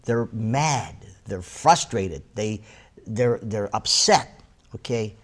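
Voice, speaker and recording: A man hosting a talk show in a fairly low voice. He talks in a loose, conversational way, often stopping to restart and repeat himself. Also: slow pace. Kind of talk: interview conversation.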